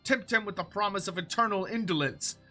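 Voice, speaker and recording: Dude doing a squawky bird creature from a game, high bright voice, talks all backwards, squawk squawk. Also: male voice, brisk, faint music behind. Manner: inverted word order, squawks between phrases. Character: squawking bird-like creature questgiver, odd word order. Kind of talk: reading game quest text aloud in character.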